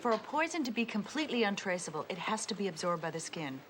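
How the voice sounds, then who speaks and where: A precise, bookish police detective. She talks quickly and earnestly. Faint noise sits in the background. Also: mid-range voice, big pitch swings, a bit bright. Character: earnest, bookish female cop. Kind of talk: 1980s sitcom acting.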